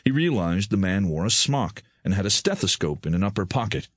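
A man narrating an audiobook in an even, measured storytelling manner. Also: low voice, husky, no echo, clean studio sound. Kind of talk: scripted narration.

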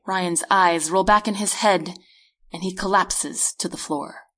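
A woman reading her own novel aloud as a measured first-person audiobook narration. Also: on the low side, steady tone, fairly bright tone. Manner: measured storytelling read.

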